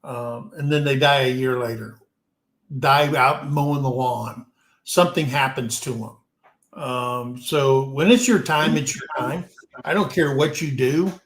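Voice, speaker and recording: A man's voice: medium pitch, measured pace, fairly bright tone. A man from the United States hosting a casual live-stream chat, rambling along with plenty of ums and restarts. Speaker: show host. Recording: roomy echo.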